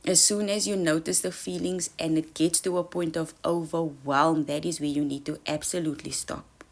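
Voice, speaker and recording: A woman giving an earnest motivational talk, coaching listeners and calling them babes, sometimes dropping to a soft whisper for emphasis. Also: deep voice, fairly even intonation, normal speed. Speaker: self-help speaker. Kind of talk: motivational monologue.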